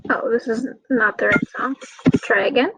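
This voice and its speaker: Gentle woman teaching little kids. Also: fairly high pitch, animated, normal speed, husky, no room sound, rough recording. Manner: gentle, encouraging. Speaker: early childhood teacher. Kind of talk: online class for young children.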